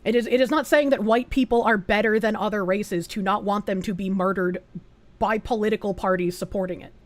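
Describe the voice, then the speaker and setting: A woman's voice: medium pitch, fairly even intonation, fairly quick, no room sound. A woman streamer giving casual, earnest reaction commentary and swearing now and then.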